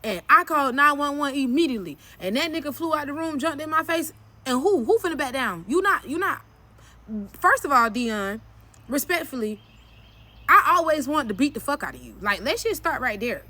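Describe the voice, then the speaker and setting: A woman's voice: high voice, fairly quick. A woman telling a personal story in a candid vlog, blunt and profane, leaping up sharply whenever she quotes herself. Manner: blunt, profane and emphatic, often cursing; animated retelling with sharp jumps when quoting herself.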